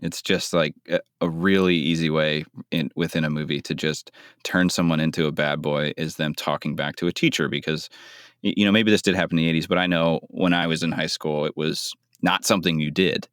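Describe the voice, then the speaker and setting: A man's voice: rumbling low, steady tone, brisk, fairly bright tone, smooth, no room sound, studio quality. A man co-hosting a podcast, talking casually in a rambling, hedging way. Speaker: podcast co-host. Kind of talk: casual chat.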